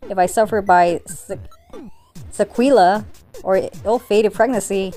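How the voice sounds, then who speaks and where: A woman's voice: mid-range voice, unhurried, warm tone, faint music behind, natural voice. A woman reading the lines of an earnest young female bunny police officer in a comic, with an emotional, pleading delivery.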